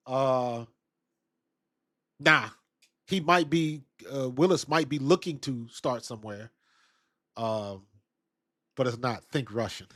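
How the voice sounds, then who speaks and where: A man hosts a relaxed football talk stream, speaking conversationally and reacting to viewers' comments as they come in. His voice sits at a middle pitch and sounds close and dry, with almost no room around it. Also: slow pace, pauses often, no room sound. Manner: laid-back, conversational, reads and answers chat. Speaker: sports talk show host. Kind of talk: casual live-stream chat.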